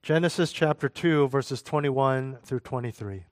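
A man's voice: medium pitch, measured pace, no room sound. A man preaching a sermon as a pastor, conversational, with asides and jokes.

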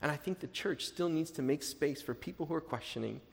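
Pastor guy preaching, kinda high voice, jokey and emphatic, big echoey church. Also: fairly quick, gravelly. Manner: conversational, jokey, emphatic repetition. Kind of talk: sermon.

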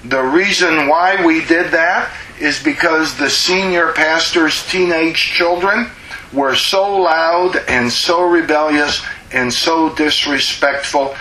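A man preaching a sermon as a pastor, slow and emphatic, drawing out words to press his points. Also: a little high, pushed and bright, reverberant, low-quality recording.

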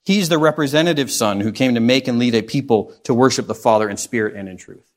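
A man's voice: mid-range voice, fast. A man preaching a sermon, reading scripture aloud and asking rhetorical questions in an earnest, expository way.

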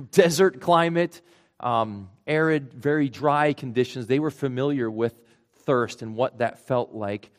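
A man's voice: medium pitch, a little slow. A man with a Rhode Island accent, preaching a sermon in a conversational way and explaining step by step with asides. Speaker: pastor.

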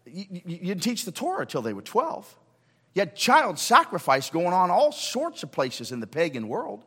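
A man, a pastor, preaching a sermon and quizzing the congregation with quick questions. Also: high voice, wildly swooping pitch, a bit bright, breathy edge. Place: church sanctuary. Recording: church service recording with long hall reverb.

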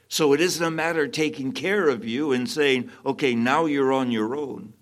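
A man's voice: mid-range voice, normal speed, few pauses. A man preaching a sermon, emphatic and given to repeating phrases for stress.

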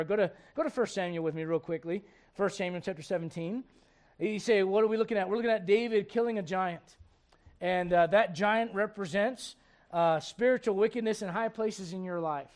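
A man in his forties preaching a sermon, animated, asking the congregation questions and acting out the voices he quotes. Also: high-pitched.

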